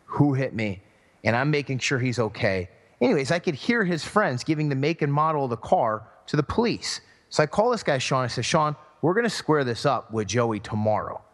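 Telling a story on a podcast he co-hosts, a man casually voices the characters involved. He has a medium-pitched, somewhat bright voice, heard with long hall reverb.

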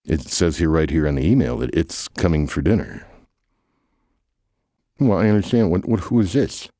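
A man doing a sarcastic, grumpy, deep-voiced guy. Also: moderate pace, dark tone, no room sound, clean studio sound. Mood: baffled. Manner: sarcastic, scolding. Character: grumpy scornful man mocking his idle friends.

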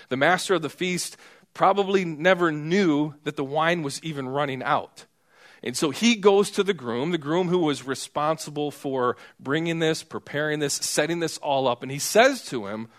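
A man's voice: fairly high pitch, moderate pace, a bit bright. A man preaching a sermon in a conversational way, acting out the people in the story. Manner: conversational, acts out quoted characters.

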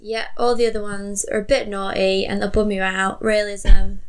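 A woman's voice: medium pitch, level tone, moderate pace. A woman guest on a comedy podcast, casual and dry, poking fun at herself and laughing along.

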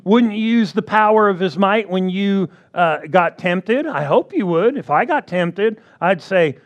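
Man preaching, high voice, emphatic, repeats key phrases, asks for agreement. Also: expressive, measured pace, hardly any pauses. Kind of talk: sermon.

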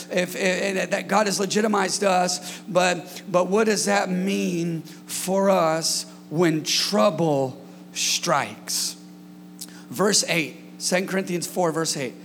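High-voiced, gravelly preacher in a church hall. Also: male voice, a little hiss or hum. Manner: energetic, shouting at peaks, calls to the congregation. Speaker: pastor. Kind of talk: sermon.

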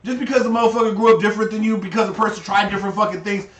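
A man's voice: high voice, steady tone, very fast, fairly bright tone, far from the mic. A man co-hosting a casual livestream, ranting heatedly and swearing often. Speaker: stream co-host. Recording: roomy, off-mic sound.

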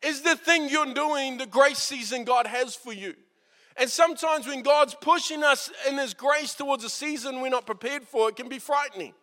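High-voiced New pastor in a reverberant hall. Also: male voice, normal speed, pushed and bright. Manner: conversational, earnest preaching with quotes acted out. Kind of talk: sermon. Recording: long reverb of a large hall.

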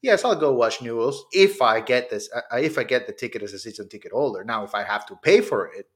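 Measured male podcast co-host from Honduras. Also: medium pitch, lively intonation. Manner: measured, thoughtful, lots of "you know". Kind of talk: casual chat.

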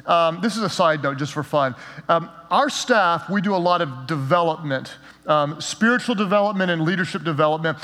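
A male pastor preaching a sermon in an energetic, emphatic way, with a light joking touch, in a church sanctuary. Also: on the high side, moderate pace. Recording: long reverb of a large hall.

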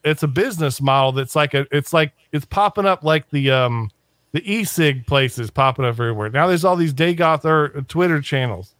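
A man in casual podcast talk, his voice a bit higher than most and recorded dry and close. He rambles, restarts often and drops sneering asides. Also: normal speed, fairly bright tone, no echo.

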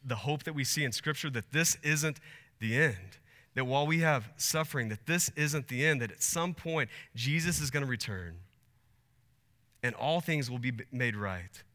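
A man's voice: mid-range voice, animated, moderate pace, pushed and bright. A man in his thirties preaching a sermon as pastor, earnest and building to emphatic peaks. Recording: long hall reverb.

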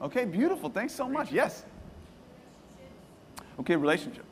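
A man preaching a sermon to a congregation, lively and joking, asking them questions and repeating their answers. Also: sits high, normal speed, big-room sound. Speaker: pastor. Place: church hall.

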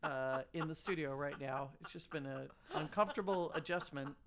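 A woman's voice: deep voice, normal speed, a little hiss or hum. A woman co-hosting a podcast in a studio, wry and joking, laughing often in casual chat. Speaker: podcast co-host.

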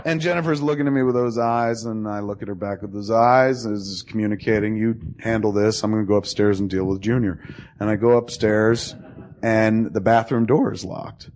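A man telling a long story to a friend in casual talk, profane and animated, acting out both sides of the dialogue. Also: on the low side, moderate pace, a little hiss or hum.

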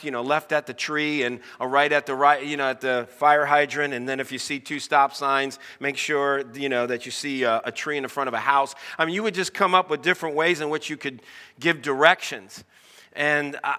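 A man's voice: a little high, pushed and bright, big-room sound. A middle-aged American man preaching a sermon, in a conversational way and asking his congregation questions. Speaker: pastor.

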